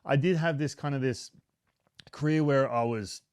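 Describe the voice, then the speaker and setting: A talkative Australian man in his thirties, relaxed and self-deprecating as he chats through an interview. His voice sits at an ordinary male pitch and sounds dry and close, with no room around it. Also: moderate pace, smooth, no room sound. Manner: self-deprecating, chatty, frequent restarts. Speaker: retired pitcher, baseball analyst. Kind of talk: casual interview chat. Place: home basement.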